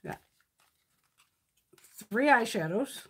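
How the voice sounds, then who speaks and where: Woman chatting on her livestream, high husky voice, swears a lot, laughs a lot. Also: animated, slow pace, fairly bright tone. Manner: blunt, heavily profane storyteller; laughs often while talking. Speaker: livestream host. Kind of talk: casual live-stream chat.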